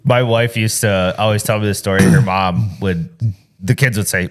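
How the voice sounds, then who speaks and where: A man's voice: on the low side, normal speed. A man co-hosting a casual business podcast, laid-back and steering the talk toward business. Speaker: podcast co-host.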